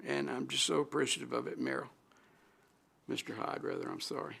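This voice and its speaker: Middle-aged guy on a city council, gravelly voice, halting heartfelt speech with lots of restarts. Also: mid-range voice, steady tone, fairly bright tone. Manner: halting, heartfelt, many restarts and trailing pauses. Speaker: city alderman. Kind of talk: emotional tribute speech at a council meeting.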